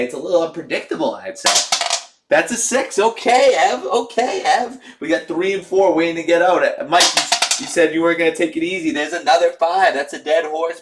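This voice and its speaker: A man's voice: fairly high pitch, heavy background noise. A young man hosting a live stream, chatting casually, cheering and teasing his viewers. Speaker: livestream host.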